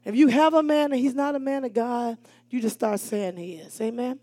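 High-pitched woman preacher, dry close sound. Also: moderate pace, no room sound. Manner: animated and call-and-response, swinging between shouts and hushed asides. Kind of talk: sermon.

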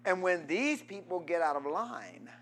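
High-voiced, animated preaching man. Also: unhurried, a little hiss or hum. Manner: call-and-response preaching, quizzing the congregation; swings from loud exhortation to low asides. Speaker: pastor. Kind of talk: sermon.

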